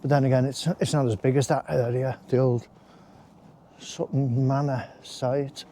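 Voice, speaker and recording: A man's voice: medium pitch, little pitch movement, measured pace, dark tone, slight background noise. Chatty man on a walk. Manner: chatty, rambling, with friendly asides. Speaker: walking vlogger. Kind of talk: casual walking commentary. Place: outdoors in a wooded country park.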